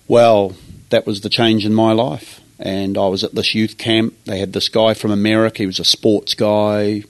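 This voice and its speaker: Man, New Zealand accent, pastor, earnest storytelling, low voice, dry sound. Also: normal speed, no echo. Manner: earnest, animated when acting out his younger self. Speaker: pastor, guest. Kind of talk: personal storytelling.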